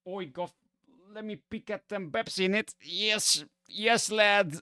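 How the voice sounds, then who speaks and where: A man putting on a shrill cheeky British lad. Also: slow, pushed and bright, smooth, no room sound, studio quality, heavily acted. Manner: exaggerated mock British slang. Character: cheeky young male British lad, rowdy.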